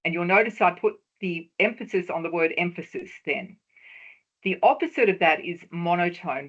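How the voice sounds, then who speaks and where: A woman presenting a webinar lecture on research talks, measured and explanatory, stressing key words for emphasis. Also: lowish voice, lively intonation, highs cut off.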